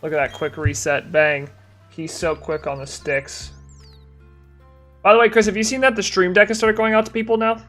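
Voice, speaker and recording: A man's voice: high voice, steady tone, normal speed, a bit bright, faint music behind. Tired, chatty young male streamer. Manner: chatty, answering chat while playing. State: tired, yawning. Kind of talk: casual live-stream chat.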